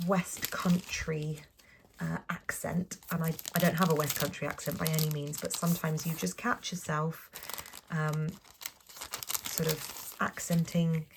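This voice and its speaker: A young Englishwoman with a low, gravelly voice talks through a planner sticker haul. She gushes and says um a lot, and her voice often drops to a soft whisper. A faint hiss sits behind her. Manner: chatty, gushing, frequent ums and apologies. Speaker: planner vlogger. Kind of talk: casual sticker haul voice-over.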